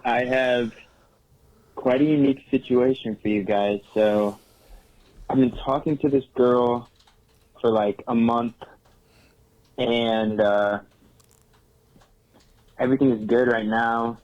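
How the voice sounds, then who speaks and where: A male caller leaves a voice message for a podcast. He talks casually in slang and sounds worried about his situation. His pitch sits in the middle range for a man. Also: fairly even intonation, slow pace, long pauses, a little mellow, muffled recording. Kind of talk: recorded voice message.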